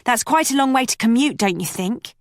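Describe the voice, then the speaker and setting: A woman voicing a bold, quick-tempered young woman who speaks sharply and defiantly in an audiobook. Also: on the high side, lively intonation, no echo, studio quality, pitched above the performer's own voice. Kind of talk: audiobook character voice.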